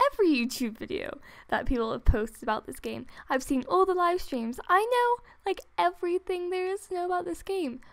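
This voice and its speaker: A young woman giving excited gameplay commentary at home on a desktop mic, giddy and breathless, laughing, gasping and trailing off mid-sentence. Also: high voice. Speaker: gaming YouTuber. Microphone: desktop USB microphone.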